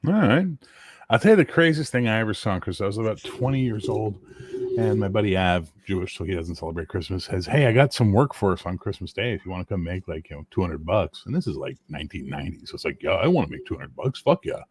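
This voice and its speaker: A man's voice: deep voice, animated, quick pace, breathy edge. A man in his fifties, the host, telling a story in casual, profane chat. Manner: swearing, storytelling, laughing. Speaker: game master hosting a chat show.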